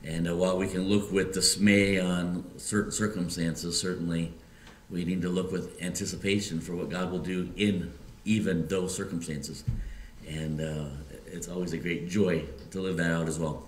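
A Midwestern American man preaching a sermon as pastor, halting often with fillers and restarts. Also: low-pitched, steady tone, slight background noise. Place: church sanctuary. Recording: echoey church room.

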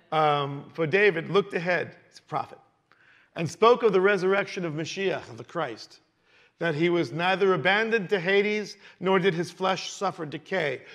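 A man teaching a verse-by-verse sermon to a congregation, conversational and animated, asking rhetorical questions and dropping into quiet asides. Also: a little high. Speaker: Messianic Jewish teacher. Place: congregation hall.

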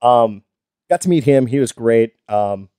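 A man's voice: medium pitch, animated, unhurried, dark tone, smooth, no room sound, studio quality. A man hosting a podcast in casual chat, laid-back and swearing freely. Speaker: podcast host.

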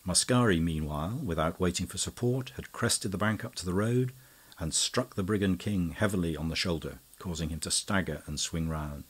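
A man narrating an audiobook in a measured, even storytelling manner. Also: low-pitched, slightly rough. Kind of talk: scripted narration.

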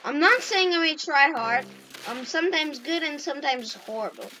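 A woman giving casual, excitable gameplay commentary and shouting at the game. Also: high-pitched, moderate pace, a little hiss or hum, poor audio. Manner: excitable, yelps and shouts at the game, self-mocking. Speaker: gaming YouTuber.

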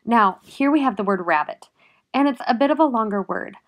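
Speaking a bit fast, this woman's voice runs slightly high and expressive. She's a teacher walking young kids through phonics, breaking letters and syllables into sounds with soft, patient encouragement.

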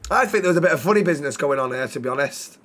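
A man chats through a game stream in a raised, slightly high voice. He swears freely and throws teasing banter at the other players. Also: expressive, rapid-fire, a bit bright. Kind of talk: casual game-stream chat.

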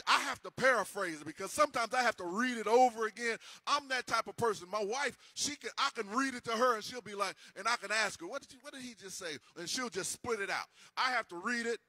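A man's voice: very high-pitched, sharp tone, no echo. A man preaching a sermon as pastor, swinging into sing-song emphasis and repeating himself as he builds. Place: church.

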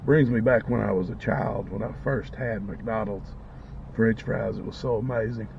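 A man with a lowish, gravelly voice and fairly even intonation speaks at a normal pace in a casual eating vlog. He savors each bite and talks with his mouth full, and the dull lo-fi recording has slight background noise.

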